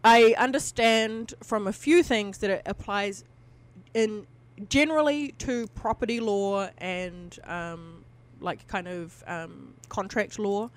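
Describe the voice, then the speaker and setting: A woman's voice: mid-range voice, slow pace. A woman co-hosting a casual podcast, rambling, swearing freely and using lots of fillers. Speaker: podcast co-host.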